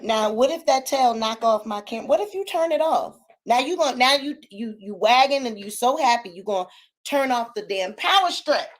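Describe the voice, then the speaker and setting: A woman hosts her own channel in loose, casual chat. Her voice is loud and sits high, and she talks in an animated, sassy way, addressing viewers directly and fussing over her dog. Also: normal speed. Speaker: channel host.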